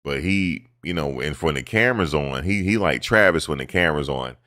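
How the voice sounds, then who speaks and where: A man with a very low voice rants about football in a loose, profane, animated way. He slips into mocking impressions of players' interview clichés. The sound is dry and close. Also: brisk, dry recording. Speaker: sports commentary host. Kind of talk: casual sports talk.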